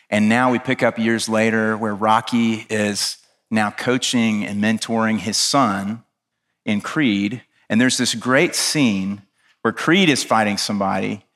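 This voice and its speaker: A man's voice: mid-range voice, fairly bright tone. Brief: male pastor, earnest and impassioned sermon delivery, chatty asides, mid-range voice. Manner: conversational asides with fillers.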